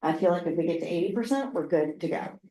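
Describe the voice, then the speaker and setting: Speaking fast in a lowish, warm voice, a middle-aged Oregon woman who presides over a regional council chats candidly at a council work session, laughing and using filler words. The mic is distant, and the city council meeting room sounds roomy with faint noise.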